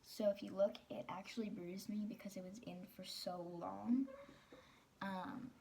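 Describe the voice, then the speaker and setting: A teenage girl talks straight to the camera, telling her own story in a candid, rambling way full of "um" and restarts. Her voice sits at a middle pitch, and faint background noise runs under it. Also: steady tone, a little slow, gravelly, dark tone. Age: teens. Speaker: vlogger. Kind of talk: personal storytelling vlog.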